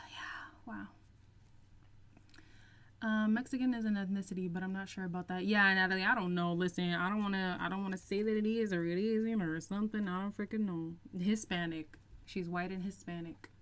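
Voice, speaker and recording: A young woman hosting a casual livestream, chatting and reading out viewer comments, laughing often and stretching out some phrases slowly. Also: mid-range voice, steady tone. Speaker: livestream host reacting to reality TV.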